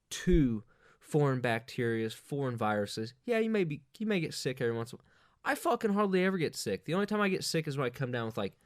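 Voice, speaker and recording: A man's voice: mid-range voice, dry recording, studio quality. A man hosting a comic monologue, ranting in a crude, profane, rambling way. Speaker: host.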